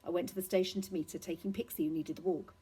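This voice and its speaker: A woman reading a children's novel aloud, steady and expressive. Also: fairly low pitch, fast talker, breathy edge, poor audio. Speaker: reader.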